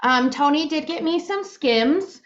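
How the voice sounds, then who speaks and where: Chatty woman in her thirties, high voice. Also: expressive, a little slow. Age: 30s. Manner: chatty, giggly, lots of fillers. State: hiccups. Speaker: podcast co-host. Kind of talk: casual chat. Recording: muffled lo-fi podcast audio.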